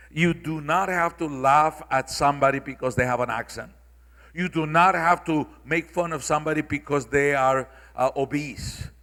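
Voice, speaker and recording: A man's voice: on the high side, bright, forceful tone. A man speaking at a symposium, lecturing the audience in an emphatic, repetitive, preacherly way. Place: large hall. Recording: long reverb of a large hall.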